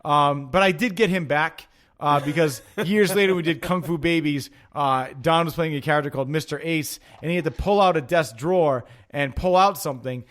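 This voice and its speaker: Profane, excitable male podcast host. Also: a little high, moderate pace. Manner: profane, excitable storytelling with acted-out quotes. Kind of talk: casual storytelling chat.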